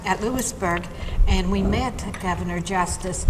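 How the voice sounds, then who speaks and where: A middle-aged woman chats over dinner, walking through her recipes one step at a time in a homey, easygoing way. Her voice sits in a reverberant room with steady background noise. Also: medium pitch, normal speed. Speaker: cooking show co-host. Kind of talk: casual chat over a dinner table.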